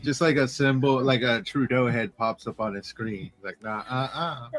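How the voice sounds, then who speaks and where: A man's voice: mid-range voice, moderate pace, a bit bright, dry recording, soft background music. Casual joking man on a group chat. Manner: jokey, loose and teasing.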